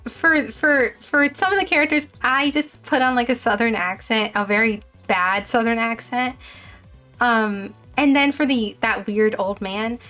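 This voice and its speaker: A woman's voice: a little high, a bit bright. A young woman streamer chatting casually while playing, rambling with frequent fillers and restarts. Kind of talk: casual gameplay commentary and game dialogue read-aloud.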